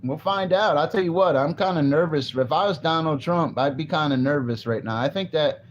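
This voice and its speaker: Rambling loosely on a live stream, this man restarts his thoughts and reads chat comments aloud in reply. He speaks a little fast in a slightly high voice, with the high frequencies cut off and faint background noise.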